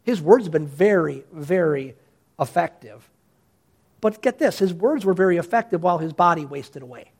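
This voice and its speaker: A man preaching a sermon with a fairly high voice and animated delivery. He talks to his congregation conversationally, often restarting mid-sentence as he builds his point. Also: normal speed, slightly rough. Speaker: pastor.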